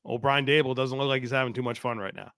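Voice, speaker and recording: Male podcast co-host, relaxed and conversational, average pitch, dry close-miked sound. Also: quick pace, no echo. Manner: easygoing, conversational, reads listener takes aloud. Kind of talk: casual sports podcast chat.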